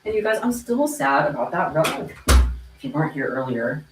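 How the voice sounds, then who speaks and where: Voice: mid-range voice, sing-song, moderate pace, noisy background. A livestream host chatting casually with viewers, playful and teasing, laughing often. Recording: echoey room.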